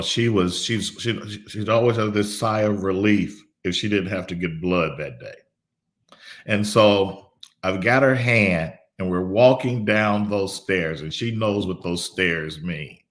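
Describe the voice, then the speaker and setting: A middle-aged man, a pastor, telling a personal story in an unhurried devotional way, often repeating his words. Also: deep voice.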